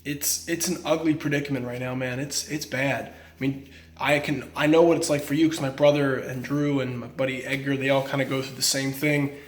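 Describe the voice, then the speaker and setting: A man's voice: mid-range voice, little pitch movement, brisk, echoey room. A young man, an actor, talking casually to camera and giving a friend earnest, frank advice.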